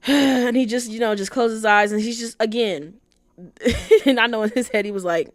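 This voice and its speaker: A woman's voice: medium pitch, moderate pace, no room sound. A young woman giving casual, opinionated commentary on an anime, slangy and swearing freely.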